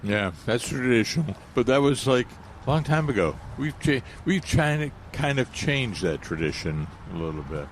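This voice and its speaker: A man's voice: mid-range voice, expressive, moderate pace, few pauses. A man co-hosting a gardening radio chat, easygoing and telling light anecdotes. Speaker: gardening show co-host. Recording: outdoor nursery with faint noise.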